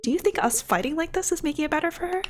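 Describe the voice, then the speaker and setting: A woman's voice: very high voice, expressive, rapid-fire, faint music behind, pitched above the performer's own voice. A woman reading a weary, defensive single mom. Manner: defensive, strained.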